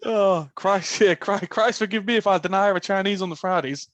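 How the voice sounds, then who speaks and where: A man's voice: sits high, brisk, fairly bright tone, no room sound, muffled recording. A man co-hosting a podcast, swearing, teasing and laughing a lot. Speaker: podcast co-host. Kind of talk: casual chat.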